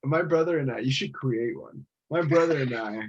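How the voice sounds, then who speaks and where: Husky-voiced male podcast host. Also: medium pitch, normal speed, dull audio. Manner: reacts with loud exclamations, asks rambling questions. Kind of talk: casual interview chat.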